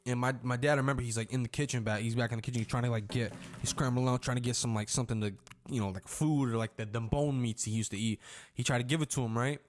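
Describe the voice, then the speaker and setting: A young man casually telling a story from his own life as a vlogger, rambling and slangy, swearing freely and acting out shouts when he quotes people. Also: mid-range voice, steady tone, fast. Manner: acts out shouts and screams when quoting.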